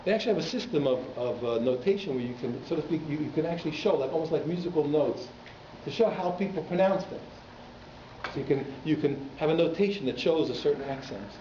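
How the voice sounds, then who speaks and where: Male rabbi, informal Torah lecture, teasing asides, higher pitch, echoey synagogue hall. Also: quick pace, slight background noise. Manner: animated, conversational, with teasing asides to the audience. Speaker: rabbi teaching a class. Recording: echoey hall, slightly muffled.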